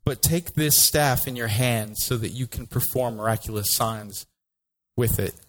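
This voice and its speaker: Male pastor voicing God, stern and booming, commanding tone. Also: a little slow, natural voice, poor audio.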